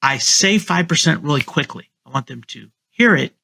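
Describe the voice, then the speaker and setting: Gravelly husky guy on a call, bright edge, coaching real estate folks, repeats himself a lot. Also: on the high side, expressive, normal speed. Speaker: real estate agent guest. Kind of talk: casual interview chat. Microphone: remote call.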